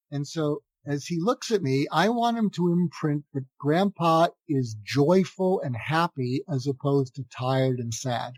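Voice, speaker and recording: A man's voice: a little high, expressive, measured pace, few pauses, no echo. An older man, a psychiatrist, giving advice in an earnest conversational way, often restarting his phrases and acting out sample dialogue. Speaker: psychiatrist guest. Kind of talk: conversational podcast interview.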